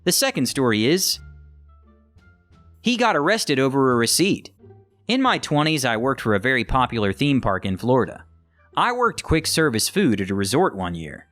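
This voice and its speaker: A man reading online stories aloud as scripted narration, animated and acting out the quoted lines. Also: mid-range voice, normal speed, soft background music. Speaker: story narrator.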